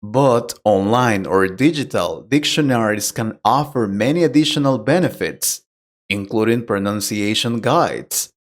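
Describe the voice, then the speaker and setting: A man's voice: fairly low pitch, expressive, measured pace. A man teaching a pronunciation lesson, explaining plainly and patiently and putting direct questions to the learner. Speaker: English teacher. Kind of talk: slow, deliberate English lesson.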